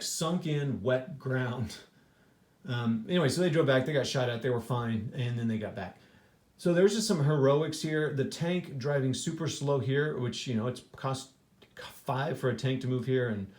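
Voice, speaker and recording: A man's voice: medium pitch, a little mellow. A man casually thinking aloud as he reviews a board wargame he played, rambling and restarting his sentences with lots of fillers. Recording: echoey room.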